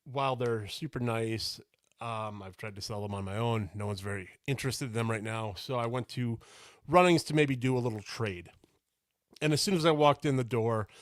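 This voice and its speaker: A man's voice: mid-range voice, dry recording, clean studio sound. Exasperated storytelling podcast co-host, man. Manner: animated storyteller, exasperated rants. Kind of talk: casual podcast chat.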